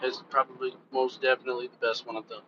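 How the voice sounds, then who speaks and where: Bright-voiced man rambling on a live stream. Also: mid-range voice, little pitch movement, fast. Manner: loose, rambling, curses casually, talks straight to viewers. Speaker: reaction channel host and rapper. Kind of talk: casual live-stream chat. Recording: dull lo-fi sound with faint background noise.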